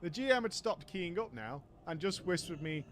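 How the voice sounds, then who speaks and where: High-pitched guy telling a funny gaming story, dry and fed up. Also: lively intonation, normal speed, a little hiss or hum. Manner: wry, exasperated, often laughing. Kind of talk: comic gaming story narration.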